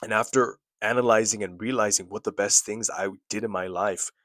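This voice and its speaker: A man's voice: lowish voice, fairly even intonation, fairly quick, a bit bright, no room sound. A young man in his twenties giving casual, earnest advice straight to camera, with lots of "like" and "you know" and repeated phrases for emphasis. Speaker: self-improvement video creator. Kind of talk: casual talking-head advice.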